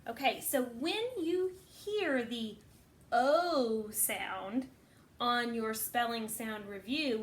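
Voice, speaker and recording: A woman's voice: a little high, a little hiss or hum. A woman teaching a phonics lesson to kindergarten children, patiently sounding out words.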